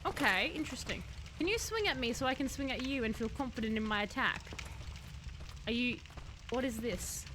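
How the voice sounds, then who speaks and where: Brief: high-pitched woman game streamer, chatty and excitable, noisy mic. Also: normal speed. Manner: chatty, reads chat aloud, bursts into excited shouts. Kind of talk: casual live-stream gameplay chat.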